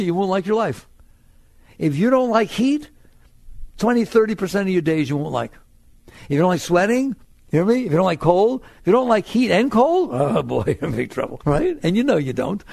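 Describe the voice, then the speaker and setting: An older man giving a playful, animated spiritual talk, full of rhetorical questions and laughter. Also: high voice, a little fast, vocal fry, no echo. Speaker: spiritual teacher.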